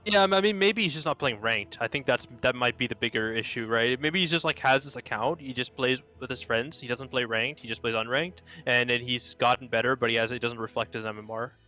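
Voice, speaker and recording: Young guy co-casting, bright tone, rambly, says like a lot. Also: mid-range voice, brisk, hardly any pauses, faint music behind. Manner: rambling, heavy use of "like". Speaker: co-caster. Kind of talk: casual post-game talk.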